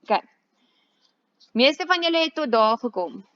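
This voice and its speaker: A woman's voice: high-pitched, very animated, normal speed. A woman with a South African accent, teaching a maths class and going over a test step by step, moving between English and Afrikaans. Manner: switches between English and Afrikaans while explaining; patient, step-by-step explaining. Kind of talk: classroom test review lesson. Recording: slightly dull, lo-fi recording.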